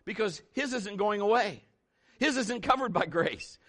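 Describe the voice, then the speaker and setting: A male pastor preaching a sermon with emphatic, animated storytelling. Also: sits high, measured pace.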